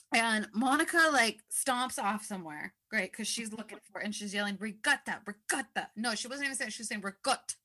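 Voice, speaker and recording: A woman co-host with a bright, crisp voice tells a story in easy, casual chat. Her delivery is wry and laid-back, with curse words dropped in without fuss. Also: a little high, normal speed. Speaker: podcast co-host.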